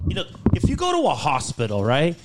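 A male podcast co-host with a high, lively voice, ranting hard and swearing in nearly every line. His pitch jumps around as he gets worked up. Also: quick pace, slight background noise. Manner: profane, heated ranting. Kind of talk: casual podcast rant.

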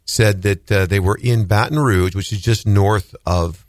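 A man hosting a faith radio talk show, telling a story in a relaxed, conversational way and offering encouraging replies. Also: lowish voice, unhurried, dry recording, clean studio sound. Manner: warmly encouraging, brief affirmations. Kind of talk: casual radio interview.

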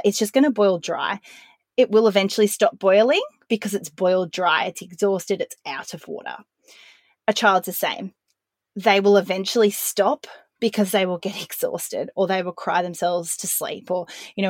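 Woman, thirties, calm earnest explainer, mid-pitched voice, dry close-miked sound. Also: no room sound. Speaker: podcast host. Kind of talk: parenting podcast monologue.

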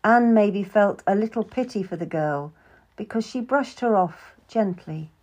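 Measured woman reading a historical novel. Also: medium pitch, a little mellow. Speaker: audiobook narrator.

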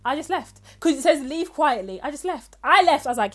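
A woman casually telling a long story on a podcast, animated and rambling, with many restarts. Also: high-pitched, a little fast. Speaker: podcast co-host.

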